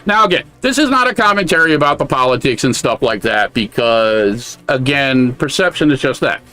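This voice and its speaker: A man's voice: mid-range voice, animated, moderate pace, sharp tone, soft background music. Blunt, foul-mouthed American man podcasting. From United States. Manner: blunt, heavy swearing. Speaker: podcast co-host. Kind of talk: casual podcast commentary.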